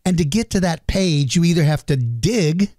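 Podcast host, male, fairly high voice, dry close-mic sound, chatty and earnest, self-deprecating. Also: expressive, normal speed, warm tone, no echo. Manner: earnest and chatty, explains with simple comparisons; self-deprecating and apologetic over hard names. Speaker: podcast host answering listener questions. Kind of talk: casual podcast Q&A.

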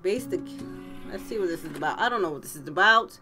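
A woman YouTuber doing let's play commentary, tipsy and frustrated, cursing freely with loud outbursts. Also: fairly low pitch, animated, quick pace, music in the background. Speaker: gaming YouTuber.

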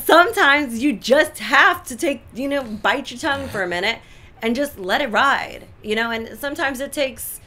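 A middle-aged woman co-hosts a casual relationship advice chat. Her voice is bright and slightly forceful. She is emphatic and animated, and she drives her points home by repeating them. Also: on the high side, normal speed, slight background noise. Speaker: co-host giving relationship advice.

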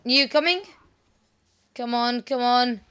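Woman let's player; high, bright, sharp tone; chatty, excitable, apologetic. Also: slow, slight background noise. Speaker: let's play gamer. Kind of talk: casual gameplay commentary.

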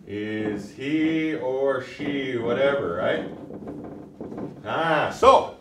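Slow-paced male teacher in an echoey classroom. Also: mid-range voice, animated. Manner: repeats words slowly for the class to echo. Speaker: language teacher. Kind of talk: classroom lesson. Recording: echoey room, mic far off, faint noise.

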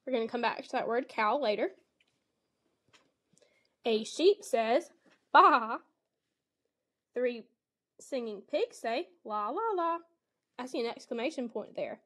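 Lady teacher walking through a kids book lesson, higher voice, explains as she goes, does the animal noises. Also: a little slow, long pauses. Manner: explanatory, reads animal sounds with bright expression. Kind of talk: model lesson demonstration.

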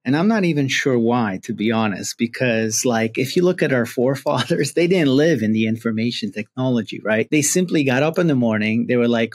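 A man's voice: mid-range voice, animated, brisk, hardly any pauses. A man talking to camera in a reflective self-help monologue, earnest and drawing out key words.

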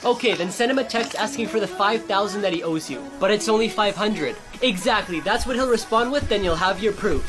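A woman's voice: medium pitch, animated, brisk, hardly any pauses. A text-to-speech woman's voice narrating short joke skits and reading every character in the same voice, with music behind. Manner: synthetic, reads every character in one voice.

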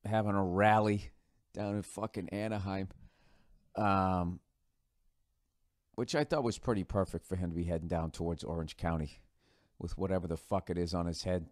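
A man's voice: low-pitched, steady tone, moderate pace, pauses often, no room sound, clean studio sound. Profane, sarcastic man rambling on his podcast. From United States. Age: middle-aged. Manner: profane, sarcastic, loose asides. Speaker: podcast host. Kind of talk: casual rambling monologue.

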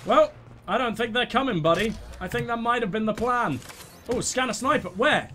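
A man commentating his own gameplay, excitable, swearing freely and giving orders to his teammates. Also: very high voice, normal speed, a little hiss or hum. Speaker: let's play host.

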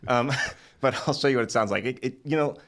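A man co-hosting as the bassist, chatting casually with goofy, self-deprecating humor. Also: fairly quick, a bit bright. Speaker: bassist and co-host. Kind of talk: casual chat.

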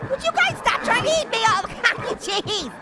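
Wisecracking cartoon orange, very high squeaky voice, bouncy swooping pitch, punning and cackling. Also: male voice, animated, unhurried, heavy background noise. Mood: giddy, teasing. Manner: nonstop puns and cackling laughter. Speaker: gaming host. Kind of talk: gaming commentary.

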